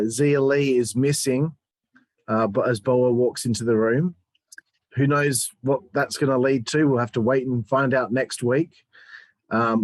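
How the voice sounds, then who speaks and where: A man's voice: medium pitch, dry recording. Teasing man co-hosting a casual review. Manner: teasing, animated banter. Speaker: podcast co-host. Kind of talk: casual wrestling review chat.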